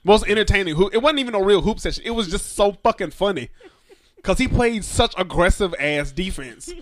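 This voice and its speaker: A young man hosting a podcast, telling a story in a casual, animated way and acting out the voices of the people in it. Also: high voice, fairly quick, no echo. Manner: animated storyteller, acts out quoted voices, laughs often. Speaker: podcast host.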